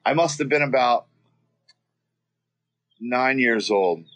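A man's voice: mid-range voice, takes it slowly, a bit bright. Rambling, profane man from Florida. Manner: rambling and profane, with many restarts. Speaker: guest. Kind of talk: casual storytelling.

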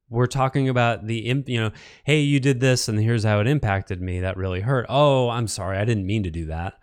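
A man's voice: lowish voice, lively intonation, a little fast, a little mellow, smooth, dry recording, studio quality. A middle-aged man who works as a coach, teaching a course in a reflective, conversational way with frequent fillers and self-corrections. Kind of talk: course recording.

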